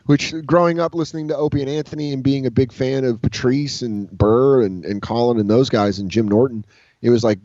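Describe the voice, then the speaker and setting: This comedian, a man, chats casually in an interview over a video call, wandering through anecdotes, cursing a lot, and animatedly quoting others. He speaks at a moderate pace in a mid-range voice, and the lo-fi recording is dull but free of room sound.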